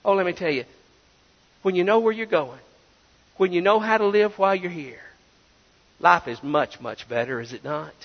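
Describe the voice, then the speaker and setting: A pastor with a high, expressive voice preaches a sermon at a moderate pace, pausing often and pressing his points with rhetorical questions. A long reverb makes it sound like a church sanctuary, and the audio is dull and lo-fi.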